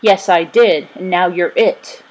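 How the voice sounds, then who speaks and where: A plucky girl yells and challenges others in a storybook reading, as a woman reads her. Her voice is husky and slightly low. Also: measured pace, poor audio. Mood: spirited. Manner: yelling, spirited.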